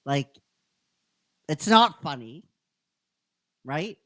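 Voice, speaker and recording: Very animated and drawing out his words, a man with a slightly high, somewhat bright voice hosts a laid-back podcast conversation. As the episode's writer, he recaps his story in a meandering way, full of filler words and constant "right?" check-ins. The recording is dry.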